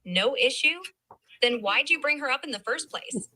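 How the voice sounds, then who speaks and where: Ai assistant lady voice, super bright n high-ish, chatty and quick with a sassy edge. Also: lively intonation, rough recording. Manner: upbeat and encouraging, then snarky and teasing. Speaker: AI chat assistant. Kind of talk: conversational AI replies.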